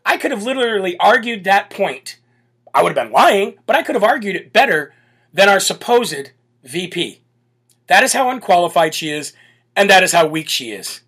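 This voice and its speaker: A man's voice: high-pitched, sing-song, normal speed, fairly bright tone, breathy edge. A man hosting a political talk show, ranting in a brash, sarcastic and mocking way. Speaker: political podcast host.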